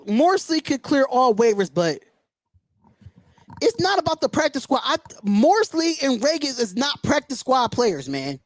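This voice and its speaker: High-voiced man ranting on sports talk. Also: big pitch swings, measured pace, no echo, studio quality. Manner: indignant, emphatic, repeats himself. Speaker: sports call-in show host. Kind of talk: sports talk livestream rant.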